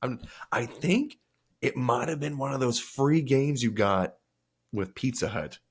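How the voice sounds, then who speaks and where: A man's voice: mid-range voice, lively intonation, measured pace, breathy edge. A man co-hosting a podcast, chatting casually and telling rambling stories with acted-out quotes. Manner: rambling storyteller, acts out quotes. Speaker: podcast co-host. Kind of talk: casual chat.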